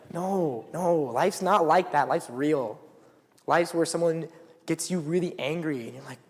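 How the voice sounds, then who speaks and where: A man's voice: fairly high pitch, a little slow, a little hiss or hum. A young man giving a casual sermon as a student speaker, talking conversationally and dropping into whispers when he acts out quotes. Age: young adult. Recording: reverberant hall, live stream.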